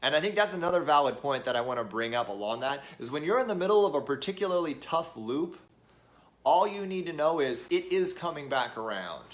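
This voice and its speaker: A man's voice: fairly high pitch, expressive, fairly quick. A man hosting his weekly motivational show, talking to camera in an earnest, rallying way and calling his viewers "guys".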